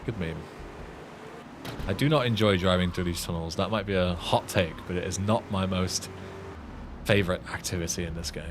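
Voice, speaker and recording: A man's voice: low-pitched, normal speed, long pauses, background noise. A young man from northern England with a northern English accent, streaming a game and bantering with chat in a dry, sarcastic, sweary way. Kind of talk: casual gameplay commentary.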